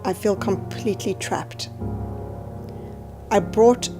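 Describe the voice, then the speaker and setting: A woman reading a reflective personal voice-over about being a mother, in a quiet, subdued and introspective way. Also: mid-range voice, steady tone, takes it slowly, music in the background. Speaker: mother narrating a documentary.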